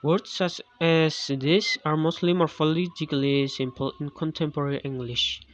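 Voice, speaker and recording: Halting man reading a stress lesson. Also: a little high, level tone. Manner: halting, with frequent restarts on words. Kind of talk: reading a lecture on English word stress. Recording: dull lo-fi recording.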